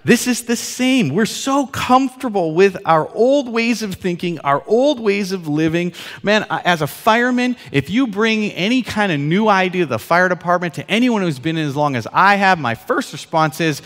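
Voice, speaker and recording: A man in his forties preaching a sermon as pastor, telling stories with laughs and swinging from loud to soft. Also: high voice, expressive, normal speed. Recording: long hall reverb.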